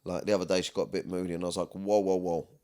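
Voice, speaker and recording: Racing along in a low-pitched, darkish voice with flat delivery, a podcast host talks earnestly and at length. The personal chat is candid and rambling, and he often asks "do you know what I mean".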